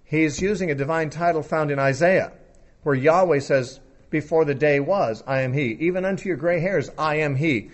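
A man's voice: on the high side, moderate pace. A man explaining a Bible passage in an unscripted teaching talk, thinking aloud with occasional fillers.

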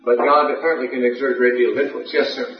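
A man's voice: medium pitch, fairly even intonation, quick pace, a little hiss or hum. A man teaching a Bible class, reasoning through a passage and answering questions, thinking aloud with occasional fillers. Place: classroom or lecture hall. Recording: far-off, echoey, muffled lecture recording.

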